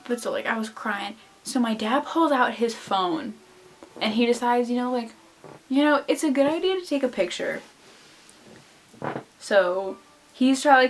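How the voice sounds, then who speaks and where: A woman's voice: a little high, moderate pace, soft background music. Chatty young woman telling a story. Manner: chatty, lots of "like" fillers. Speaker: vlogger. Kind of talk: casual storytelling to camera.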